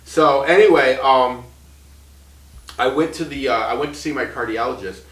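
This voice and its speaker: A man's voice: medium pitch, moderate pace, a bit bright, reverberant, recorded from a distance, rough recording. A man in his thirties telling his own story in a casual, rambling way, full of restarts and short laughs. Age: 30s.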